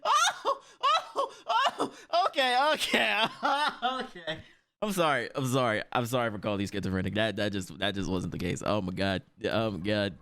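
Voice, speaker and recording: Excitable man with a wildly swinging voice. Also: a little fast, dry recording. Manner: excitable, jumps to high yelps when startled; frequent laughter and profanity. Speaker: anime reaction host. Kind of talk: casual reaction commentary.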